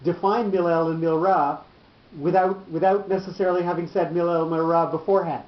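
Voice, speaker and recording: Man teacher, fairly high voice, patient explaining, echoey lo-fi room. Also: fairly even intonation, fairly quick. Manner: patient, explaining, holds his point. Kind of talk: classroom lesson. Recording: echoey room, dull lo-fi sound.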